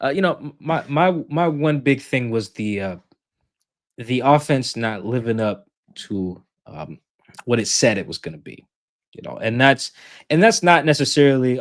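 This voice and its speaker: A man's voice: medium pitch, lively intonation, moderate pace. A man co-hosting a football show, casual and joking, rambling with fillers. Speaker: co-host. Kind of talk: casual sports chat.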